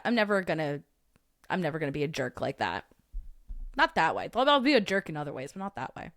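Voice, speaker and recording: A woman's voice: mid-range voice, a bit bright, smooth, dry recording, clean studio sound. A woman hosting a casual livestream, reading chat comments aloud with joking asides and frequent laughs. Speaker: livestream host.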